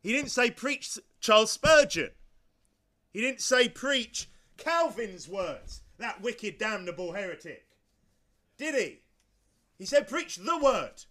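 High-voiced man preaching emphatically. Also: pushed and bright. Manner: emphatic, repetitive rhetorical questions. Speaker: pastor. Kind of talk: sermon.

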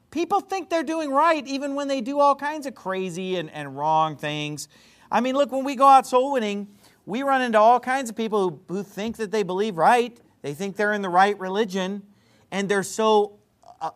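A man preaching a sermon, telling stories emphatically and swinging between loud outbursts and quiet asides. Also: high-pitched.

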